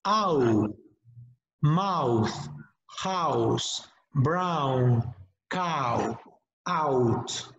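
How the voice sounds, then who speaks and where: A man teaching English pronunciation in an online webinar, modeling words slowly and deliberately for students to repeat. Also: medium pitch, lively intonation, a bit bright, a little hiss or hum. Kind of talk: online webinar lesson, drilling sounds. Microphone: computer mic on a video call. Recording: echoey, dull lo-fi webinar audio.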